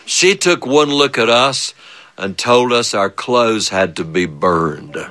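A man telling a funny childhood story, animated and chuckling often, with big swings of voice. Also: on the low side, takes it slowly. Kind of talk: spoken storytelling.

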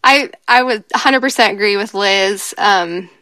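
Bright-voiced earnest woman, dry sound. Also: medium pitch, measured pace, dry recording. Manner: earnest, many "like" fillers. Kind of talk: casual chat.

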